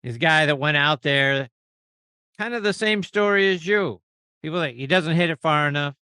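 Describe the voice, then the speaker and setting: A man's voice: a little high, normal speed, bright, forceful tone, clean tone, dry recording. A man hosting a golf podcast, asking an upbeat interview question and laughing along with his guest. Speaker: podcast host.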